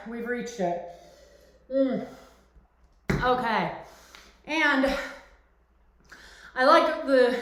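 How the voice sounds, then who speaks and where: A woman's voice: high-pitched, far from the mic. A woman fitness instructor leading a live home workout class, chatty and encouraging, with many fillers. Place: home exercise space. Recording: very echoey room.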